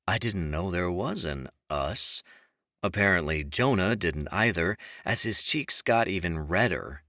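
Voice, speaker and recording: A man narrating a fantasy audiobook in the first person, wry and expressive, on a close studio mic. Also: low-pitched, a little slow, no room sound.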